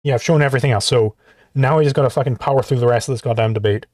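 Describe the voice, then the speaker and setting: A man hosting a livestream, talking in an exasperated rant full of swearing. His voice sits at an ordinary pitch and sounds close and dry, with no room around it. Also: racing, a little mellow, dry recording. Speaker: livestream host reacting to clips. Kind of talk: profane livestream commentary.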